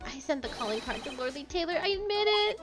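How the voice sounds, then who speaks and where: A woman putting on a frantic young man who bellows his confessions, stammers when cornered, and lands his high, piercing voice hard over video game music playing behind him. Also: lively intonation, fast. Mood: frantic shouting. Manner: shouting, stammering. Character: loud excitable young man confessing to theft.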